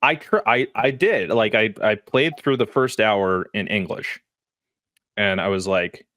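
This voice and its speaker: A man co-hosting a casual game podcast, talking in an animated way with frequent laughs and fillers. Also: on the low side, unhurried, no echo. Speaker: podcast co-host. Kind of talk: casual chat.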